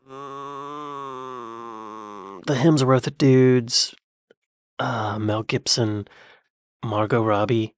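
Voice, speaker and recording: A man's voice: mid-range voice, slow pace, long pauses, no room sound, clean studio sound. A man hosting a reaction video, musing aloud in a chatty, playful way. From American. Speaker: reaction channel host. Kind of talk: casual reaction commentary.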